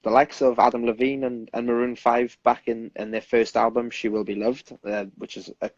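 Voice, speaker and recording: A man's voice: mid-range voice, little pitch movement, moderate pace, dry recording, muffled recording. A young British man, a singer, chatting earnestly in an interview and rambling with frequent restarts. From United Kingdom. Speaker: singer guest. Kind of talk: casual interview chat.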